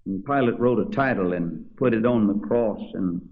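A preacher reading scripture aloud with dramatic emphasis, then breaking off to explain it in plain everyday speech. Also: male voice, lowish voice, moderate pace. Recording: dull lo-fi sermon recording.

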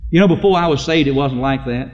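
A man's voice: medium pitch, fast. Folksy preacher man in a hall. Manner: folksy storytelling, acting out voices and whoops. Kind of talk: sermon. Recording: dull lo-fi recording in a reverberant hall.

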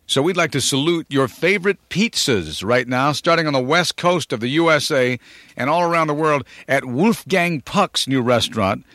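A man's voice: fairly high pitch, expressive, normal speed, a bit bright, no echo, studio quality. A man hosting a radio countdown, chatting playfully and teasing callers. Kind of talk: upbeat radio DJ patter.

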